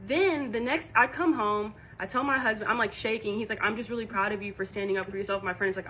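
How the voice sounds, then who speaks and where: A woman's voice: medium pitch, quick pace, slight background noise, rough recording. A woman casually retelling a confrontation, animatedly acting out the dialogue. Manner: animated, acts out quoted dialogue. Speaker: storyteller recounting a confrontation. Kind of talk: casual storytelling clip.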